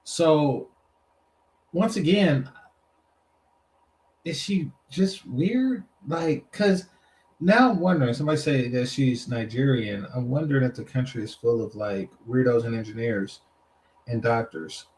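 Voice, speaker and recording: A man's voice: medium pitch, measured pace, a little mellow, poor audio. Guy streamer rambling thru viewer comments, swears casually, regular mid voice. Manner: loose, profane, rambling. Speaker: streamer reacting to clips.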